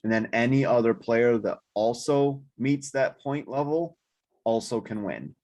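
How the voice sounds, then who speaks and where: Tired man, casual board game chat, steady explainer, mid pitch. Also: unhurried. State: sleepy, yawning. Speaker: board game group member. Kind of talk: casual group discussion.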